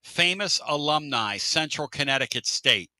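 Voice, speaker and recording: A middle-aged man hosting a casual sports radio show, joking, with loud outbursts and drawn-out catchphrases. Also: fairly high pitch, animated, no room sound.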